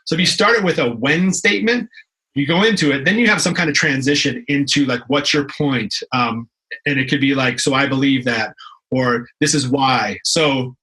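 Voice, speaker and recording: A man's voice: medium pitch, animated, brisk, bright, forceful tone, low-quality recording. A young adult man from Canada, a fitness professional guest in a casual interview, telling stories animatedly with frequent restarts and fillers.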